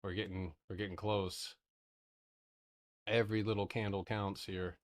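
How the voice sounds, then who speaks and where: A young man giving casual live trading commentary to his community, excitable and profane, talking in broken half-sentences. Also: fairly low pitch, unhurried. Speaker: stock trading streamer.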